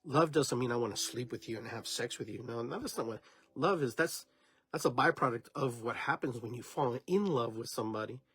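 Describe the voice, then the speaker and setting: Male host, husky voice, mid pitch, reflective rambling spiritual monologue. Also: a little fast, fairly bright tone, no room sound. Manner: meandering, reflective, with many restarts. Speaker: podcast host. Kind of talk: spiritual talk, unscripted monologue.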